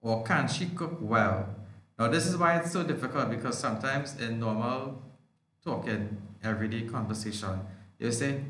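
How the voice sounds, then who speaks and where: A man's voice: medium pitch, animated, moderate pace, pushed and bright. A man with a Trinidadian accent teaching an online language arts lesson, explaining step by step and asking and answering his own questions. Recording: echoey room.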